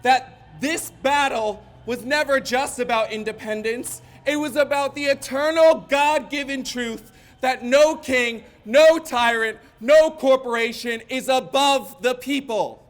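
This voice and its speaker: A young man with a very high voice delivers a declamatory rally speech at an outdoor park gathering. He speaks slowly and deliberately, rising to shouted lines.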